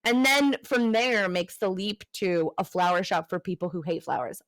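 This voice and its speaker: A woman's voice: mid-range voice, lively intonation, moderate pace, no echo, rough recording. A woman co-hosting a casual book club podcast, sarcastic and profane as she acts out characters' lines. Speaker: podcast co-host.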